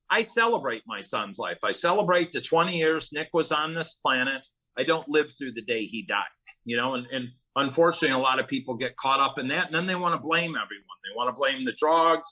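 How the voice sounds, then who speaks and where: Man, middle-aged, interview guest, earnest storyteller, bright tone. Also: medium pitch, low-quality recording. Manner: earnest, storytelling, quick bursts of emphasis. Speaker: guest, recovery advocate and speaker. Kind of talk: conversational interview.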